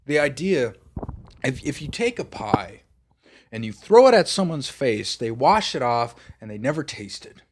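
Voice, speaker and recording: A young man co-hosting a casual podcast chat, swearing freely and breaking into loud mock outbursts. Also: medium pitch, moderate pace, background noise. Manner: animated, profane, bursts into loud mock outbursts. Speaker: podcast co-host.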